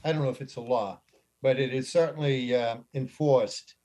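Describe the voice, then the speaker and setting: A man's voice: medium pitch, fairly even intonation, normal speed, mellow. Wry skeptical man on a panel. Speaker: radio panelist. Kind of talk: casual chat.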